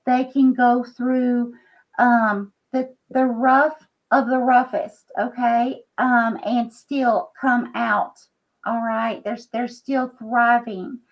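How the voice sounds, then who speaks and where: A woman giving an earnest, halting psychic reading on a live stream, full of fillers and check-ins. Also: on the high side, little pitch movement, dull audio. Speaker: psychic reader using scrying.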